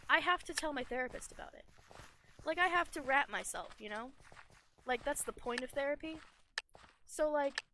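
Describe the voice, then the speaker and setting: A young adult gamer rambles loosely while playing, mocking themself and leaning on filler words. The voice is bright and sharp in tone and sits at a middle pitch. A faint hiss runs under the home desk-mic recording. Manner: rambling, self-deprecating, full of "like" and "you know". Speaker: gaming YouTuber. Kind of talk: casual gaming commentary chat.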